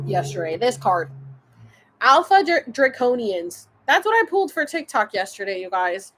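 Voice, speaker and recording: A woman's voice: fairly high pitch, big pitch swings, fairly quick, fairly bright tone, faint music behind. A woman hosting a casual spiritual livestream, chatting and rambling, often losing her thread.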